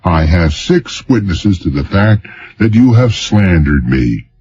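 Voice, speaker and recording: Narrator doing sarcastic weary man, mocking, slow, husky, dull lo-fi. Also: sits low, sing-song, darkish tone, heavily acted. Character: sardonic mysterious male doctor, mocking and contemptuous.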